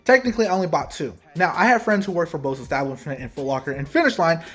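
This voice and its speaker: A man with a somewhat high, husky voice recounts a frustrating story straight to the camera, acting out each side of the conversation. Soft music plays underneath. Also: quick pace. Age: adult parent. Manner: animated, heated retelling with quoted dialogue. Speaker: sneaker vlogger.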